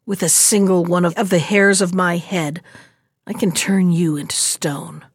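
A hideous old witch, as a woman reader puts her on, scowling and menacing in a storybook tale. Her voice drops low and stays dark and threatening. The recording is close and dry. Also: fairly even intonation, measured pace, dry recording.

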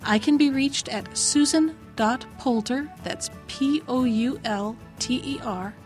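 High-voiced woman reading a fairy tale. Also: slow pace, a little mellow, faint music behind. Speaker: storyteller.

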